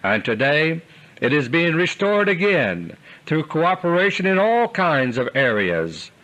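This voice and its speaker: Man, fairly high voice, lively pitch, grave scripted commentary delivered deliberately. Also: muffled recording. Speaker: commentator delivering an audio newsletter.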